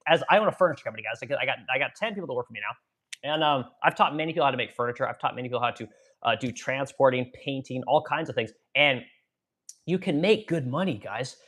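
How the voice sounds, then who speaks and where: A man's voice: mid-range voice, expressive, fast talker, fairly bright tone. A man hosting a live stream, ranting bluntly and profanely about the economy and reading viewer comments, with rambling asides to his audience. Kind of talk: casual political rant on a live stream.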